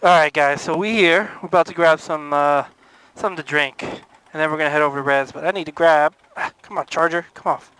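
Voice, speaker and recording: Laid-back young guy vlogging, bright voice. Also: a little high, fairly even intonation, brisk, clear, resonant tone, low-quality recording. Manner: laid-back, swears casually. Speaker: motorcycle vlogger. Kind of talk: casual vlog chat.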